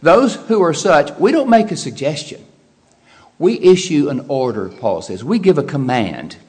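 A man preaching a sermon, stressing and repeating key phrases, moving between forceful emphasis and quieter explanation. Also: on the high side, big pitch swings, measured pace.

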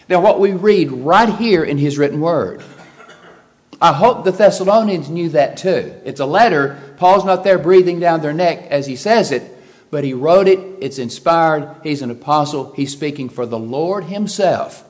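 Man, preacher, sermon, emphatic, repeats key lines, fairly high voice. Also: lively intonation, normal speed. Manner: emphatic, repeats key phrases, swings between loud stress and quiet asides.

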